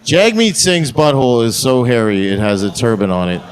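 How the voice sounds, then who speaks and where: A man's voice: mid-range voice, sing-song, normal speed, heavy background noise. A man doing a stand-up comedy set on a club stage, with brash, crude delivery.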